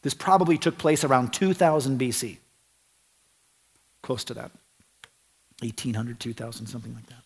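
A man's voice: medium pitch, expressive, moderate pace, pauses often, breathy edge, big-room sound. A male pastor preaching a sermon in an earnest, conversational way, repeating phrases for emphasis.

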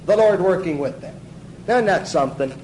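A man's voice: sits high, expressive, normal speed, a little mellow, a little hiss or hum, low-quality recording. A man teaching a Bible class in sermon style, emphatic, asking the class questions and answering them himself.

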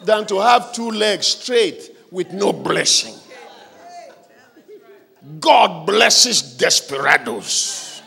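A male preacher delivering a fervent revival sermon, shouting repeated calls for the congregation to pray aloud. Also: high voice, animated, very slow, creaky, long pauses, husky. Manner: fervent, repetitive exhortation.

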